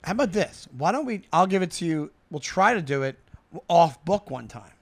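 A man's voice: on the high side, lively intonation, normal speed. A man co-hosting a comedy podcast, rambling and correcting himself as he talks. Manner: rambling, self-correcting, enthusiastic. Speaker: podcast co-host. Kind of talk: casual comedy podcast chat.

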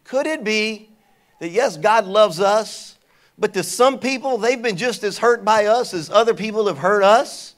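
A pastor preaching a sermon, telling stories and calling on the congregation to answer back. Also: male voice, sits high, unhurried. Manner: animated preaching with call-and-response to the congregation; conversational storytelling.

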